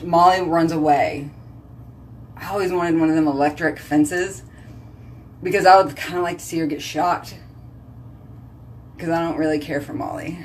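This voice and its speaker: Thirties woman, casual vlogger, teasing and rambly, slightly low pitch. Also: slight background noise. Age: 30s. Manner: sassy, joking, rambling. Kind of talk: casual chatty vlog.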